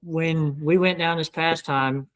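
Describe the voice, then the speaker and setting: A young man with a twangy South Louisiana accent talks loosely as a podcast guest, his voice sitting a little high. He rambles, swears freely and fills the gaps with likes and uhs. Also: fairly even intonation, takes it slowly, fairly bright tone, low-quality recording. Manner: rambling, profane, full of fillers. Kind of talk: casual chat.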